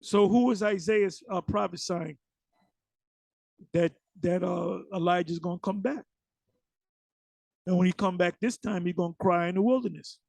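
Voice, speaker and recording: A man runs an informal Bible study, reading verses and then drifting into rambling asides full of restarts. His voice sits high and gravelly. It sounds dry and close, with no room echo. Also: moderate pace, pauses often, darkish tone. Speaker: Bible teacher.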